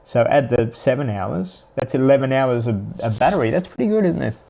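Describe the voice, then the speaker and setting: A man, hosting a live stream and chatting casually with viewers in a rambling, halting way. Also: mid-range voice, animated, creaky, warm tone. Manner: rambling, halting, with many restarts. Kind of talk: casual chat answering viewers.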